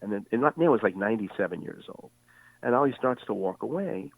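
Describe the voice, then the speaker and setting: A man in his sixties, a veteran sports broadcaster, telling animated stories as a guest in an interview. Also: lowish voice, fast talker, gravelly, dry recording. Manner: animated storyteller with many voices. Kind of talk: storytelling interview. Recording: tinny phone line.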